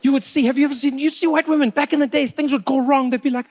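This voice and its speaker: A man from South Africa with a South African accent doing a stand-up comedy routine, animated storytelling that talks to the crowd. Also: very high-pitched, fast, few pauses.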